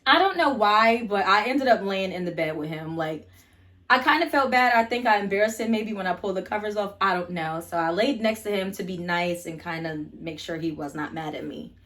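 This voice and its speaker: A woman's voice: medium pitch, brisk, a bit bright. A young adult woman vlogger telling a casual storytime, blunt and profane, chatty with lots of fillers.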